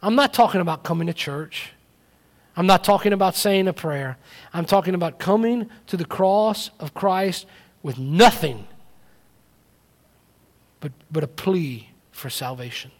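A man preaching a sermon. He moves from quiet reflective talk to loud emphatic preaching, repeating key phrases and restarting. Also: high-pitched, animated, measured pace, long pauses. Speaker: pastor.

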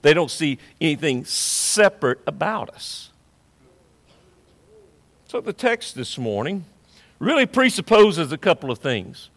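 A man's voice: on the high side, very animated, a little slow, pauses often, a bit bright, in a large hall. A man preaching a sermon as pastor, emphatic and repetitive, swelling and dropping in intensity.

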